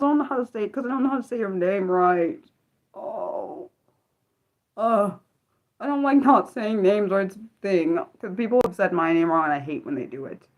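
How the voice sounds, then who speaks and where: A young woman hosting an unscripted livestream, chatting excitedly with viewers and answering chat, with lots of fillers and restarts. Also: mid-range voice, a little fast, highs cut off. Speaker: livestream host.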